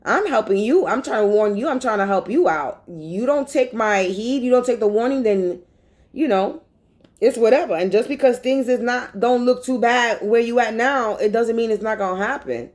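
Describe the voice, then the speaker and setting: A woman's voice: fairly high pitch, normal speed, poor audio. Blunt, profane woman ranting casually. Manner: blunt, profane, rambling, animated. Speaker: vlogger. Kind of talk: casual monologue.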